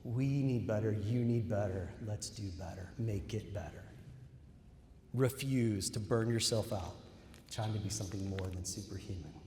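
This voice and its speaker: A man's voice: lowish voice, moderate pace, dark tone, a little hiss or hum. Man giving a keynote in an echoey hall. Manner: storytelling, addresses audience as y'all. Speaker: keynote speaker. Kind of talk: ceremony keynote speech. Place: large hall. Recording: echoey hall with long reverb.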